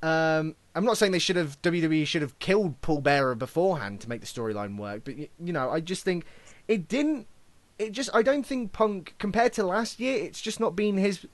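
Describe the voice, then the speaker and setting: A man's voice: sits high, animated, normal speed, no room sound. A man co-hosting a podcast in casual chat, rambling and repeating himself as he makes his point. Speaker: podcast co-host.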